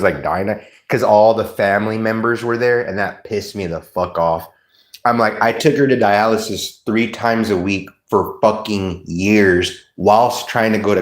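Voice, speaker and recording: A man hosting a livestream, chatting casually with viewers in a blunt, profane, laid-back way. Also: on the low side. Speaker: livestream host. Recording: roomy echo.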